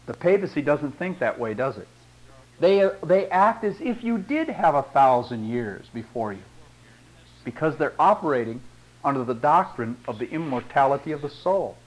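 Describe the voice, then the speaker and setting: A man's voice: fairly high pitch, sing-song, normal speed, rough recording. A middle-aged man preaching a sermon, reading long quotations aloud and commenting on them with rhetorical tag questions.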